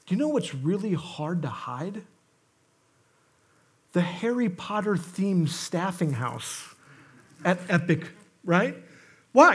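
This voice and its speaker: A male pastor delivers a sermon, his voice high and husky. He tells stories with energy and swings into sudden emphatic bursts. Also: a little slow. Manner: animated storytelling with emphatic bursts and asides. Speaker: guest pastor.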